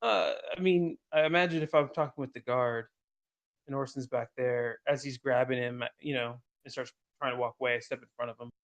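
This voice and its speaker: A man's voice: medium pitch, fairly even intonation, brisk, muffled recording. A man playing a tabletop game, speaking in character as a boastful folk hero in a jokey way. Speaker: player.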